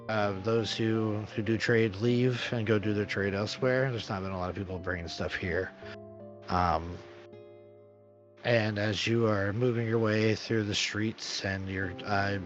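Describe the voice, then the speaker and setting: A man narrating a tabletop game as game master, with a halting delivery full of fillers, in a dull lo-fi recording with faint music. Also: fairly low pitch.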